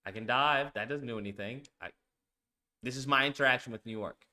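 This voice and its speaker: Male streamer host, animated casual rant, cursing and hammering points, tense bright tone. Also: mid-range voice, brisk. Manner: emphatic, repetitive, swears often.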